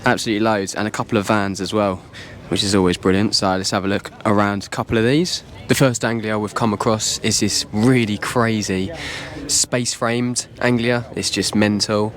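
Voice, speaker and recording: A man's voice: fairly low pitch, steady tone, moderate pace, a bit bright. An enthusiastic man, chatting casually as he walks around an outdoor car show, his voice slightly worn. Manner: enthusiastic, chatty, informal slang. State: slightly losing voice. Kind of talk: casual walkaround commentary.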